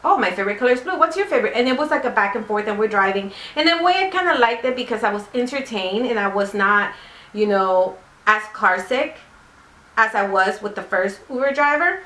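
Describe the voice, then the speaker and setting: A woman vlogger telling a rambling story, with plenty of fillers along the way. Her voice sits at a middling pitch. The recording has a roomy echo. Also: animated, normal speed, pushed and bright. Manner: chatty, rambling, many fillers. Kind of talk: casual storytime.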